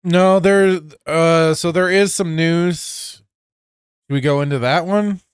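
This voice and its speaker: A man's voice: fairly high pitch, fairly even intonation, takes it slowly, clean tone, no echo, studio quality. A man hosting a casual podcast, reading out chat messages and chatting loosely with many restarts and fillers. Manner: rambling, with frequent restarts and fillers, laughs often.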